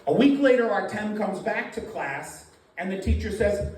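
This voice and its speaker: A male standup comedian tells his jokes deadpan, acting out the people in them as he goes. His voice sits fairly high. It comes from a distance in a heavily echoing club room. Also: moderate pace, hardly any pauses, faint music behind. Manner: deadpan joke telling, acting out quoted voices. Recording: very echoey club room, voice from far off.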